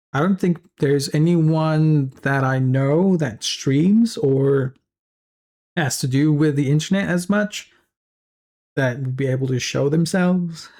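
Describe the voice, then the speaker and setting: A streamer from Africa, chatting casually and haltingly, trailing off and correcting themselves mid-sentence. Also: mid-range voice, darkish tone. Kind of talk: casual stream chat while working.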